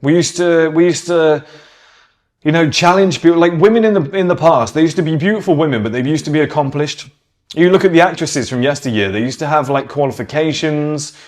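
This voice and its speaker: A man's voice: fairly high pitch, a little fast. Emphatic British man ranting casually. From Britain. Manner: emphatic, swears freely, acts out quoted people. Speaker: podcast host. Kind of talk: casual opinionated monologue.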